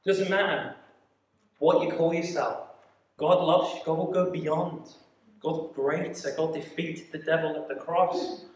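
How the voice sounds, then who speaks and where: A man preaching a sermon, telling a story in an animated way with quick asides and acted-out quoted voices. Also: on the high side. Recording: echoey hall, mic at a distance.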